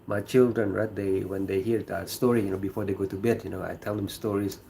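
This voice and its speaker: A man with an Indonesian accent hosting a casual livestream, chatting with viewers in a halting way with many fillers and repeated words. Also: lowish voice, steady tone, creaky, dark tone, a little hiss or hum. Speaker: livestream host. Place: kitchen.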